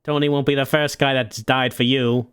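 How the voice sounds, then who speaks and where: A man's voice: mid-range voice, flat delivery, normal speed, a bit bright, clear, resonant tone, dry recording, natural voice. Brief: man doing a swaggering mob boss in a crime game, clipped slang, dry close mic. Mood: brash. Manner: tough-guy slang, clipped. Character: cocky young male mob boss, brash and smooth.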